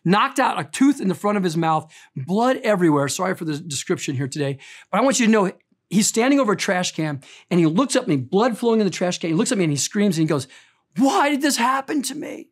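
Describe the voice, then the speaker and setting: A middle-aged man preaching a sermon as a pastor, telling stories earnestly and emphatically, rising in intensity and dropping to quiet tenderness. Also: high-pitched, expressive, fast talker.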